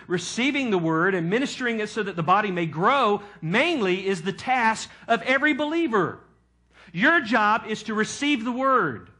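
A man's voice: sits high, pushed and bright. A male pastor preaching a sermon, teaching from scripture and putting questions to his congregation.

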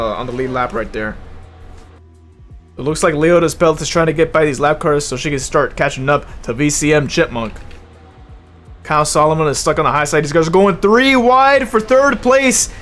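A young man giving live commentary on an online racing league while driving in it himself, casual and profane, loud and excited at big moments. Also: fairly high pitch, normal speed, faint music behind. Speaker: race commentator and streamer. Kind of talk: live esports race commentary.

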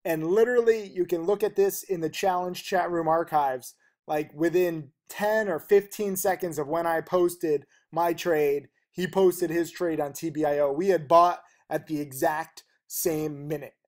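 Man, trading teacher, slightly high voice, rapid and blunt delivery. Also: fairly even intonation. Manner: rapid, emphatic and blunt, with fillers. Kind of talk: fast-talking video lesson.

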